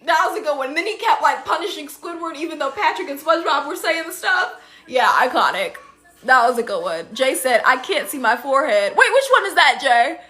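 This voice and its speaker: A woman's voice: high-pitched, very animated, brisk, pushed and bright, soft background music. A young woman hosting a casual live stream from indoors, reading viewer comments into her phone, laughing often and acting out cartoon quotes in silly voices. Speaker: TikTok live host.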